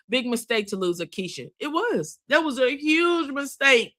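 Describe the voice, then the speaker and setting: A woman's voice: a little high, animated, normal speed, bright, forceful tone. A woman giving a chatty, sassy recap of a reality show, full of asides. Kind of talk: casual recap commentary.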